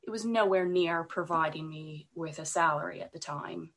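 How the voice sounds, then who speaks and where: A woman, croaky from a cold, talking as a podcast guest, hesitant, with many ums and restarts. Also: low-pitched, normal speed, fairly bright tone. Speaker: podcast guest, illustrator and designer. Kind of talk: casual interview talk.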